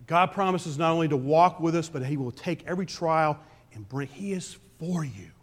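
A pastor preaching a conversational sermon, swinging between loud emphasis and quiet asides. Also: male voice, a little high, expressive, normal speed. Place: church sanctuary.

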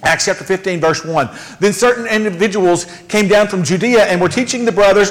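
Male pastor, high voice, chatty and emphatic sermon delivery, long hall reverb. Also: a little fast, hardly any pauses. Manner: conversational, emphatic preaching with asides.

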